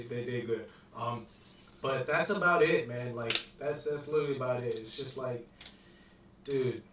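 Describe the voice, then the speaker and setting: A man's voice: medium pitch, fairly bright tone, slight background noise. A young man in heated, profane commentary, talking in slangy, exasperated bursts. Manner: profane, slangy, exasperated rant with constant "bro". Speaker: commentator reviewing a show. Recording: echoey room, voice from a distance.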